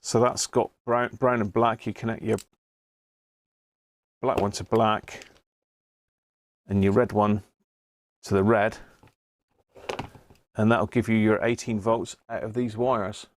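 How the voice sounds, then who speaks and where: With a fairly low pitch and a steady tone, this man speaks slowly and pauses often. He hosts a relaxed radio-hobby live stream, rambling and chatting as he reads viewer messages aloud, with frequent restarts.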